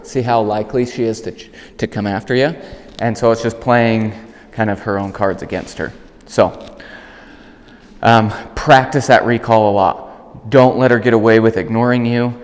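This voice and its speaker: A man working as a dog trainer, calmly explaining an outdoor training demonstration and breaking off to call and praise the dog. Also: normal speed, long reverb tail. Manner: calm explaining, bursts of high praise calls to the dog.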